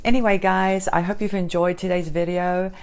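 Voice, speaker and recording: Low-voiced woman with a light Australian-American accent. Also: moderate pace, clear, resonant tone. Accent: light Australian mixed with American. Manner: relaxed, rambling, with many ums and restarts. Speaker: jewelry maker and channel host. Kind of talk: casual chat to camera.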